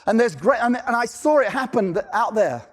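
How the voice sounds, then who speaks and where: Male preacher, high voice, lively rhetorical questions, acts out characters. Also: fairly quick. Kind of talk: sermon.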